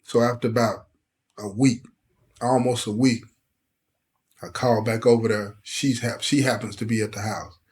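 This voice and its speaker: A middle-aged host tells his life story intensely and emotionally, performing the voices of the people he quotes. His medium-pitched voice has a darkish tone and fairly even intonation, moving at a moderate pace with long pauses.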